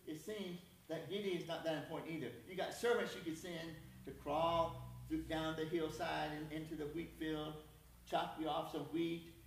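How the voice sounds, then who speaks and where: A man preaching in a loose, chatty way, with a folksy, self-deprecating humor. His voice sits a bit high for a man. He is picked up from across the room, so the sound is distant, and a faint room hiss sits under the long church echo. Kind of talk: sermon. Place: church sanctuary. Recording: echoey church hall from far off.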